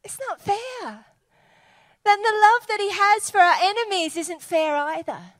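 A woman preaching a sermon in an animated, conversational, enthusiastic way. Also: extremely high pitch, moderate pace, no echo.

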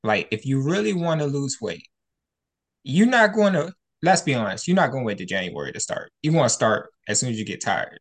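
Co-host, casual chat, mid pitch, plain-spoken, jokey. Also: sing-song, a little fast.

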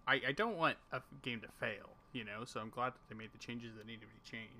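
A man co-hosting a casual podcast, speaking softly and easily. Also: medium pitch, quick pace. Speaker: podcast co-host.

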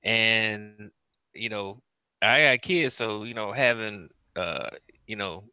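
Casting: lively father-type man, low but bright, punchy voice, dry close sound, casual chat. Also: slow pace, clear, resonant tone, dry recording. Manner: animated, laughing storyteller. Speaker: podcast co-host.

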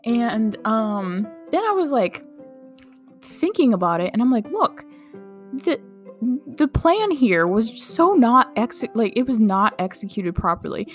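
A woman's voice: on the high side, very animated, a little slow, soft background music. A young woman who works in a medical clinic tells a casual personal anecdote, chatty and incredulous, saying "like" often and laughing through it.

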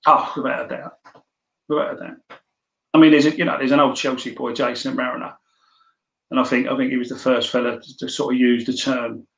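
A man's voice: mid-range voice, creaky, fairly bright tone. Older London-accented man as interview guest, chatty storyteller, echoey room. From London, England. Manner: rambling, anecdotal, many restarts. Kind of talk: casual storytelling.

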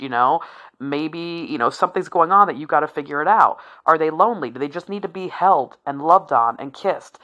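A woman's voice: sits low, pushed and bright. A woman in her forties talking candidly and profanely on her own, rambling with asides and laughter. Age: 40s. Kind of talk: candid solo talk.

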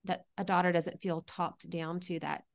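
A woman's voice: lowish voice, little pitch movement, moderate pace, gravelly. A middle-aged woman speaking as a podcast guest, earnest and reflective, often restarting her sentences. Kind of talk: conversational interview.

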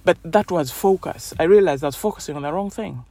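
A woman's voice: fairly low pitch, fairly quick, mellow. A woman hosting a podcast, talking in a casual, rambling motivational monologue full of "you know"s. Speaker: podcast host.

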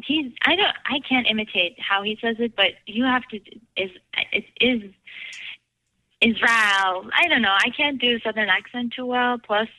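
A woman's voice: fairly high pitch, moderate pace, few pauses, no room sound. Giggly woman calling in, muffled. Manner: giggly, rambling, lots of fillers. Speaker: caller. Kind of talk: casual chat.

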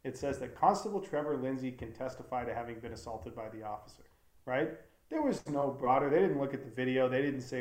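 A man's voice: medium pitch, expressive, fairly quick, darkish tone. Earnest, rambling man in a roomy room. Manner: rambling, many fillers and restarts, earnest. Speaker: documentary filmmaker. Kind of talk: casual interview talk. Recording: roomy echo.

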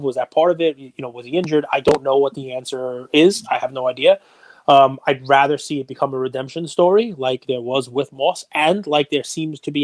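A man's voice: medium pitch, dry recording. A man hosting a casual sports and trading-card chat show, talking in a rambling, conversational way full of fillers. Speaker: podcast host.

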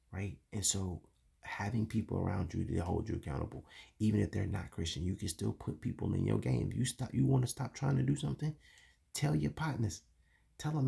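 A man's voice: fairly low pitch, a little fast, gravelly, mellow, breathy edge. A young man hosting a faith talk for men, speaking casually and confessionally with lots of slang and fillers. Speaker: podcast host.

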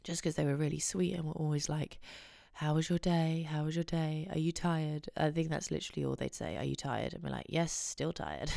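Young woman host, low fry-heavy voice, rambling casual storyteller. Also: darkish tone, no echo, clean studio sound. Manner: chatty, giggly, rambling storytelling. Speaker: podcast host. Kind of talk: casual chat.

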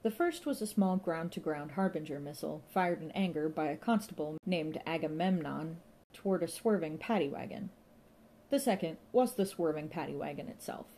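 A woman narrating a comic story in a lively, playful way, voicing sound effects as she reads. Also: sits low, a little hiss or hum. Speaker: audiobook narrator.

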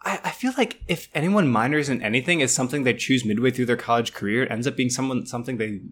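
A man's voice: medium pitch, a bit bright. Eager young man co-hosting a podcast. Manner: eager, quick to react and joke at himself. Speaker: podcast co-host. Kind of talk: casual podcast chat.

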